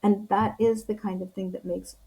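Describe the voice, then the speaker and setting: A woman's voice: medium pitch, level tone, moderate pace, vocal fry, warm tone, poor audio. A woman, a leadership coach, talking as a guest in a casual interview, earnest and encouraging, with frequent fillers and restarts.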